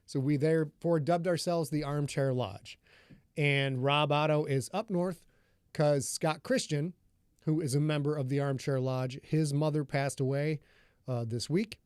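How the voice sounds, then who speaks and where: A rambling, chatty man from northern Michigan hosts a live stream before a reading and greets viewers as they arrive. His voice sits a bit high for a man. The sound is dry and close, with almost no room. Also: steady tone, a little slow, darkish tone, smooth, dry recording. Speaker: author hosting a live podcast reading. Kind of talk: casual chat with a live stream audience.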